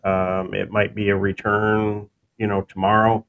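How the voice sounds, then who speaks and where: A man co-hosting a casual wrestling podcast, talking in a relaxed, rambling way with many fillers and restarts. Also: lowish voice, a little slow, vocal fry. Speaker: podcast co-host. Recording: dull lo-fi sound with faint noise.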